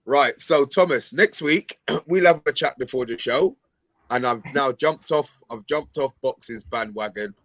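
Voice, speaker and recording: A man's voice: mid-range voice, unhurried, a bit bright, no echo. A man co-hosting a casual chat, often stumbling and repeating words. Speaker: co-host.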